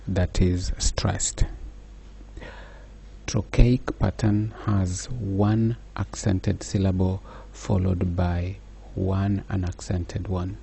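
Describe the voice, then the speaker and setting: A man giving a slow, measured lecture, pausing often with fillers. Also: low voice, level tone, creaky, mellow, slight background noise. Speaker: teacher. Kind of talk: recorded lecture.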